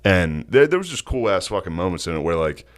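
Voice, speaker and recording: Deep-voiced young man, casual chat. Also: fast talker. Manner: profane, laughs often, excitable storyteller. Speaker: podcast co-host.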